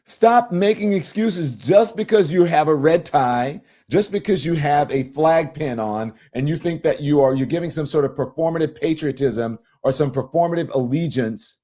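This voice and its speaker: Southern guy from louisiana hosting a live show, reads chat out loud, big emphatic swoops in his voice. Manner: animated, swooping pitch, emphatic. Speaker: show host. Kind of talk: livestream commentary reading viewer comments.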